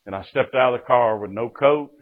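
Middle-aged preacher, fervent testimony with frequent amens, tinny lo-fi recording. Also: male voice, medium pitch, fairly quick. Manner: fervent storytelling, punctuated with "Amen". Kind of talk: sermon testimony. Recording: tinny lo-fi phone-like sound.

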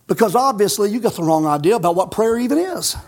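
A male pastor preaching a fiery sermon, emphatic and scolding, rising to shouts. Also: high-pitched, expressive, fast.

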